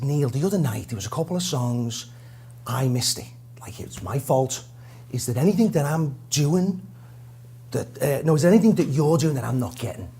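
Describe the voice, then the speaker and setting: A man from Liverpool with a Liverpool accent, a guest drummer telling a lively, self-mocking story in an interview. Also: on the high side, normal speed, a little hiss or hum. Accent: Liverpool English. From Liverpool, England.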